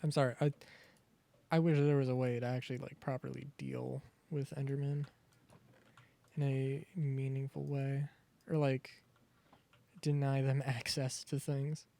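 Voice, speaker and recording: A man's voice: medium pitch, level tone, measured pace, creaky, long pauses, warm tone. A young man streaming a survival game, rambling through chatty asides and cutting himself off mid-thought. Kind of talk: casual gaming commentary.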